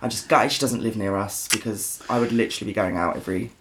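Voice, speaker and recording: A man's voice: lowish voice, fairly even intonation, fast talker, fairly bright tone. A man, co-hosting a podcast in casual, sweary, rambling chat. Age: 30s. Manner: sweary, rambling and self-mocking. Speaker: podcast co-host.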